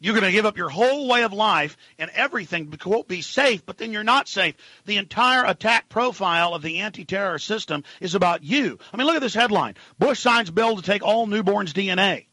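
A husky, bright-toned man rants on talk radio, swinging between low muttering and loud outbursts. His voice sits high and sounds close and dry in the studio. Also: animated, brisk, hardly any pauses, no room sound. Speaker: radio host. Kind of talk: impassioned political talk radio monologue.

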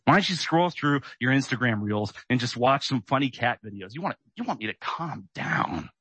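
A man's voice: mid-range voice, expressive, normal speed, a bit bright, slightly rough, dry recording. Guy hosting talk radio, all fired up and sarcastic, tense punchy voice, dry mic. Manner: agitated, sarcastic, keyed up.

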